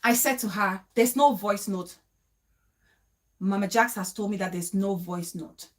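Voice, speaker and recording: A woman vlogger telling a story to camera in a casual way, emotional and pleading, with quick bursts and repeated questions. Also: medium pitch.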